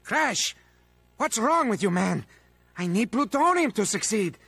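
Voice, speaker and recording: An actor voicing a manic, melodramatic male mad-scientist henchman in a video game, with a raspy, theatrical delivery that swings between wheedling and raging. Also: very animated, unhurried, a bit bright, dry recording, soft background music, heavily acted. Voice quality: raspy, high-strung, theatrical. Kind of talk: video game character voice acting.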